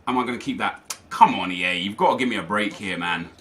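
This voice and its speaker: A man's voice: on the low side, fast talker, a bit bright. Frustrated young man commentating his gameplay. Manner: frustrated, ranting, talking to viewers. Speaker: gaming YouTuber.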